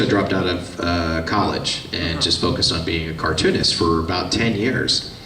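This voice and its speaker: Chatty man, low, echoey hall. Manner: chatty, animated, acts out quoted voices. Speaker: voice actor on a convention panel. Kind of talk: casual storytelling with audience questions. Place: convention panel room. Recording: echoey room, distant mic, faint hiss.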